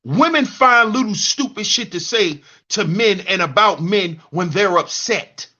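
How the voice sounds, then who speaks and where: A man's voice: sits high, animated, measured pace, pushed and bright, muffled recording. A man hosting a heated commentary monologue, preaching at other men and mocking them in a whiny put-on voice. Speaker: commentary channel host. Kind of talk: heated monologue reading live chat.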